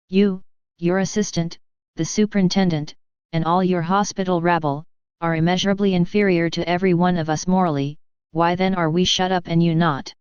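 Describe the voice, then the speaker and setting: An agitated young male asylum patient, read by a woman narrator with a low, very clear voice. He throws out bitter, accusing outbursts. The recording is dry and slightly dull, as from a storybook audiobook. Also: no room sound, lightly acted. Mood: indignant.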